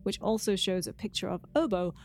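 A woman co-hosting a podcast, chatting casually and enthusiastically with lively asides. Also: medium pitch, fairly quick, slight background noise. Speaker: podcast co-host.

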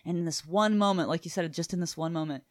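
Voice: medium pitch, fast. Podcast host retelling a comic. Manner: retells scenes with voices, swears casually. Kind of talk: casual chat about a comic book.

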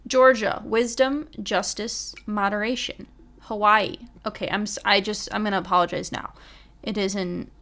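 A woman's voice: medium pitch, steady tone, pushed and bright. A woman casually reading a list aloud, stumbling over foreign words and apologizing with a laugh. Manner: reads each item deliberately.

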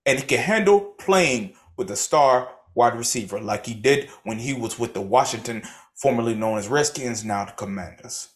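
A man's voice: mid-range voice, expressive, moderate pace. A young man co-hosting a casual sports podcast, talking in a mock-formal, wordy analyst style. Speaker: podcast co-host.

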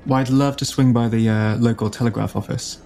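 A man's voice: medium pitch, steady tone, brisk, gravelly, warm tone, faint music behind. A man playing a tabletop game, joking lightly and laughing. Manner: jokey and light, laughing often. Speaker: player. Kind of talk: tabletop role-play chat.

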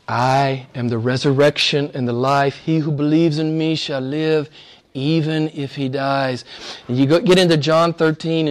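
A male pastor preaching a sermon in a conversational way, speaking straight to his listeners and swinging from loud stresses down to near-whispers. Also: a little high. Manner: conversational, addresses listeners directly.

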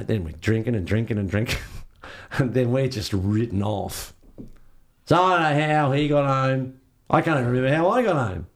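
An older Australian man telling rambling surf-trip stories in casual chat, swearing freely and acting out the dialogue himself. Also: medium pitch. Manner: rambling, laid-back, swears freely, acts out quoted dialogue. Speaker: interviewee, surfer. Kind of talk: casual storytelling.

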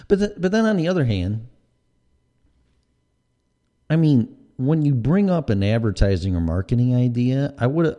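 A male podcast host in a loose, swearing monologue. His voice sits low and warm, yet it swoops up and down with lively energy. He stumbles and restarts as he rambles on. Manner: profane, animated, rambling. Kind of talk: casual ranting monologue.

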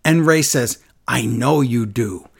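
A man chatting casually on a podcast, animated and acting out quotes in a lowered voice. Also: slow, creaky, breathy edge. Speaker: podcast co-host recapping wrestling. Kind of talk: casual chat.

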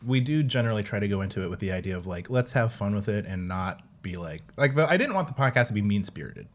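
A man in his thirties from Virginia, co-hosting a podcast in relaxed, laughing chat. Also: lowish voice, quick pace. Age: 30s. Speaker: podcast co-host. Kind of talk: casual chat.

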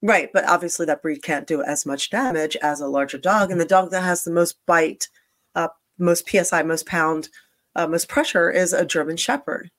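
A woman's voice: on the low side, steady tone, moderate pace. A woman hosting a talk show, chatting casually with many fillers and restarts. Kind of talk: casual chat.

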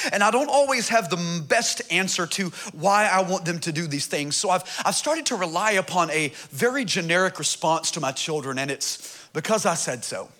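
A man's voice: high voice, bright, forceful tone. A middle-aged man preaching a sermon, telling humorous stories in an earnest way. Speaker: pastor.

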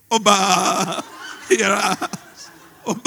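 High-voiced pastor, slow and gravelly. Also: male voice, little pitch movement, sharp tone, slight background noise. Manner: laughs often, mixes in Luganda phrases. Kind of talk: sermon. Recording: long reverb of a large hall.

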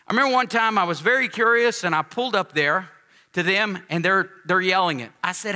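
Bright-voiced man preaching. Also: high-pitched, a little fast. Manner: folksy preaching, rising to emphatic calls to the congregation. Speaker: pastor. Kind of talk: sermon.

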